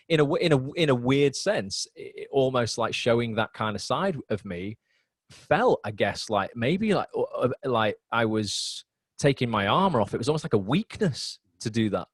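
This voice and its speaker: A man's voice: medium pitch, no room sound. A man, an acting mentor, talking earnestly in a rambling, motivational way over a video call, full of fillers like "you know". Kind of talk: casual video-call chat.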